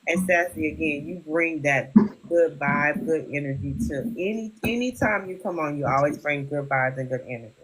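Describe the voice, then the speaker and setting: A husky-voiced host of a live audio talk show, speaking earnestly with a fair amount of emotion. The talk circles back on itself with repeated phrases and plenty of 'you know'. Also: mid-range voice, normal speed, fairly bright tone, low-quality recording. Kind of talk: casual chat.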